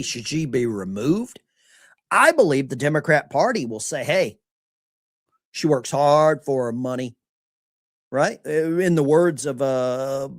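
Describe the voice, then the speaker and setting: A man's voice: fairly high pitch, no echo, studio quality. A man hosting a live stream, giving mocking commentary on the news and talking straight to his chat.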